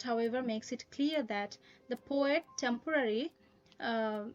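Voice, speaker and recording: A woman lecturing on a poem in a careful, explanatory way, often pausing with "uh" as she works through her points. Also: a little high, highs cut off. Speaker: literature teacher. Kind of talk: recorded poetry lesson.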